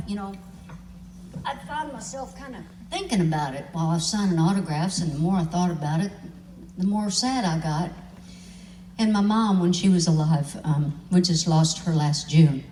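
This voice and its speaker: A woman's voice: medium pitch, mellow, distant mic, slight background noise. A woman country singer telling a story on a live stage, chatty and self-mocking. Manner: chatty, self-mocking, laughs as she tells it. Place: large convention hall stage. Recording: echoey live hall, from afar.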